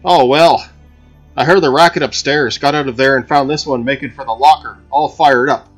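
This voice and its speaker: A man voicing a steady, protective older man who speaks briskly. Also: medium pitch, faint music behind, pitched above the performer's own voice, lightly acted.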